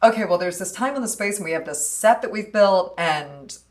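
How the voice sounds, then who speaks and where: A woman's voice: medium pitch, expressive, brisk. A woman who is a stage actress and theater director, speaking in a casual interview with a thoughtful, hesitant manner and many fillers.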